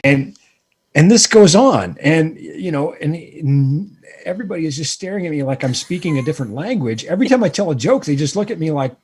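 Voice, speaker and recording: A man guest telling a self-deprecating story in casual chat, animated and rambling with lots of fillers. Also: fairly high pitch, a little fast, husky. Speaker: guest, lighting presenter.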